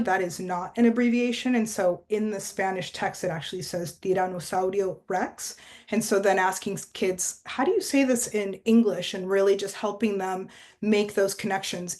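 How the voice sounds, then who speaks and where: A woman presenting a teacher training workshop, explaining steps in a measured way with frequent fillers. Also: medium pitch, a little mellow.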